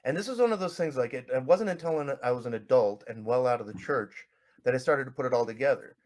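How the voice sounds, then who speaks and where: A man in casual podcast conversation, telling a family story with lively quoted voices. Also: medium pitch, fast. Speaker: podcast co-host.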